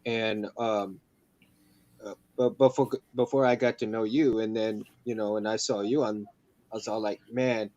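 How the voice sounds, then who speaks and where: A man's voice: on the low side, steady tone, normal speed, darkish tone, dry recording. A guest speaks earnestly about what he learned, with many fillers and a sincere tone. His voice comes through a slightly muffled, lo-fi line. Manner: earnest, admiring, talks in fillers. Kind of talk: casual chat.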